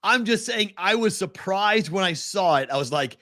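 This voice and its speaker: A man co-hosting a sports betting podcast in casual talk, animated and laughing often, sometimes mimicking whiny voices. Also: fairly high pitch, moderate pace, no echo, clean studio sound.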